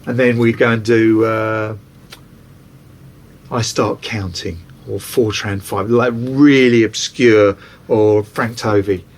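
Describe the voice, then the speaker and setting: A man's voice: fairly low pitch, fairly even intonation, slow. A man, a record producer, casually telling anecdotes in an interview and acting out other people's voices.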